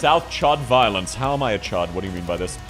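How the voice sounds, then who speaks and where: A man's voice: fairly low pitch, animated, quick pace, a bit bright, soft background music. A man with an Australian accent, chatting casually with viewers on a live stream, rambling and laughing at himself. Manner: rambling, self-mocking, laughs often.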